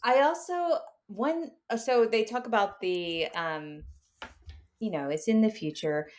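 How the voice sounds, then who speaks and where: A woman's voice: mid-range voice, a little slow, darkish tone. A woman co-hosting a podcast in casual book chat, laughing often as she talks. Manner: laughs often while talking. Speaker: podcast co-host.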